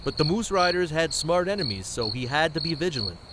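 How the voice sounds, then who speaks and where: Guy reading out a fantasy story, bit higher voice, crickets and noise in the back. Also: fairly quick. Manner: plain, steady narration.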